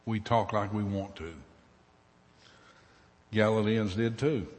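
Preacher in a reverberant hall. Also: male voice, on the low side, steady tone, takes it slowly. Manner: dramatic, acts out voices, shifts from loud bursts to hushed asides. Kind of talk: sermon storytelling.

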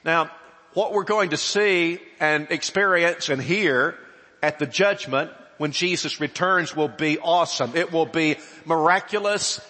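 Preaching a sermon in a large hall, a man with a fairly high voice speaks unhurriedly and emphatically. He poses rhetorical questions and swings between loud stresses and hushed asides.

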